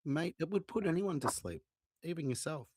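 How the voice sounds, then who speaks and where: A man's voice: a little high, expressive, normal speed. A man in casual political chat, teasing in a mock-formal bantering way.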